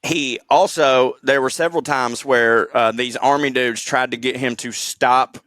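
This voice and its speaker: A man of middle pitch holds forth on a podcast, rambling through a story with casual swearing and self-deprecating asides. His voice is recorded close and dry, with no room echo at all. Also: steady tone, unhurried, fairly bright tone. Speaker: podcast co-host presenting history segment.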